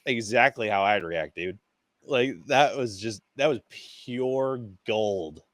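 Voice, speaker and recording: A man co-hosting a podcast in casual movie review chat. He is excitable, swears freely and acts out scenes in quick quoted voices. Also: fairly low pitch, no echo. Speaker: podcast co-host.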